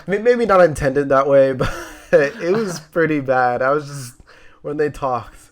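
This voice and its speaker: A man's voice: a little high, a little slow. A man in his twenties, co-hosting a casual movie review, talking in a chatty way with lots of fillers and restarts. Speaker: co-host of a movie review show.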